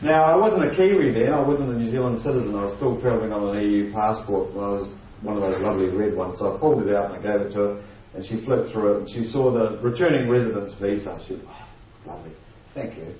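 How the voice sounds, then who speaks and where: Man, comic storyteller, lively, acts out voices, roomy echo, heard from a distance. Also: fairly low pitch, fast talker, a little hiss or hum. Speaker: guest storyteller. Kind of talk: comedic anecdote. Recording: echoey, distant, dull sound.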